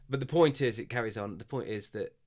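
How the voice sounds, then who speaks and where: A man's voice: mid-range voice, fast. A man hosting a podcast, talking in a hesitant, self-deprecating, reflective way. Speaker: podcast host. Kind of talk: casual podcast chat.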